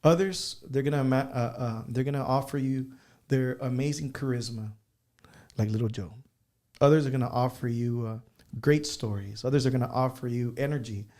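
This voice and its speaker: A man's voice: medium pitch, moderate pace, a little mellow. A man who is a musician guest on an interview show, telling casual anecdotes and dropping in Spanish phrases.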